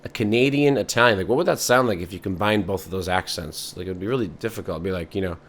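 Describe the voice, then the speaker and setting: A man's voice: sits low, fast talker. A man hosting a podcast in a rambling, sardonic comic monologue full of fillers. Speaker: podcast host.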